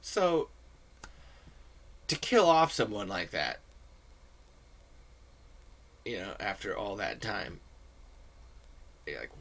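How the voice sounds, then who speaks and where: Rambling, profane low-voiced man. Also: big pitch swings, measured pace, vocal fry, long pauses. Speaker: video creator. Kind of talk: casual ranting commentary.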